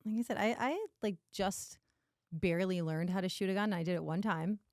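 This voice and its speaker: A woman's voice: medium pitch, brisk, darkish tone, dry recording, studio quality. A young woman co-hosting a podcast in casual chat, reacting with short playful quips. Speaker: podcast co-host.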